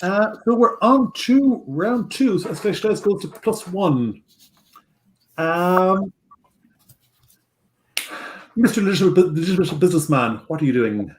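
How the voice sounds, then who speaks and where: A man acting as game master in a casual tabletop game over a video call, giving quick rulings with frequent fillers. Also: high voice, very animated, a little hiss or hum.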